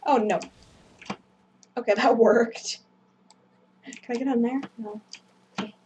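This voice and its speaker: A woman's voice: on the high side, fairly even intonation, slow, darkish tone, lo-fi sound, slight background noise. A woman hosting a gameplay video, rambling through casual commentary and apologizing self-deprecatingly. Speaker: gaming video host.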